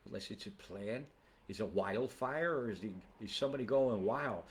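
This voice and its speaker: A man's voice: fairly low pitch, moderate pace. A man hosting a weather livestream who rambles into angry, profane, conspiratorial rants.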